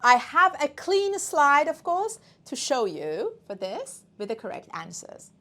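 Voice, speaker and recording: A woman's voice: high-pitched, sing-song, a little slow, pushed and bright. A woman teaching a live English exam-prep class. She speaks emphatically, repeating words aloud and drilling them for her students.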